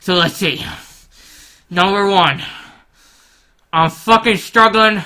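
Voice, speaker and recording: A brash man with a bright, forceful voice, cursing his way through comedic gameplay commentary. He plays at being rude, shouting mock insults one moment and muttering to himself the next. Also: high voice, slow pace. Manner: brash, profane, mock-rude persona with mumbled asides. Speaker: guest gamer.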